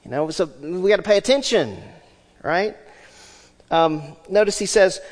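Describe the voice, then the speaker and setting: A man preaching a sermon as pastor, animated, swinging between loud emphasis and hushed asides. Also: high voice, measured pace, long pauses, big-room sound.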